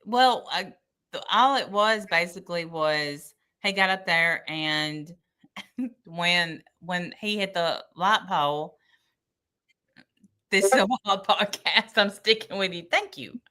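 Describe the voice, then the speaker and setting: A woman recaps courtroom testimony from her notes in a casual podcast chat, wry and chatty. Her voice is on the low side for a woman, with a bright, forward tone. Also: takes it slowly. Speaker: podcast co-host.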